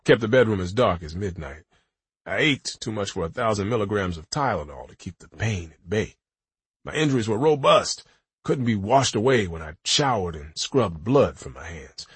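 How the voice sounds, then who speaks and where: Very husky, low-voiced male narrator. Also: lively intonation, normal speed, dry recording. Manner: gritty, wry storytelling. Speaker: audiobook narrator. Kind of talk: first-person audiobook narration.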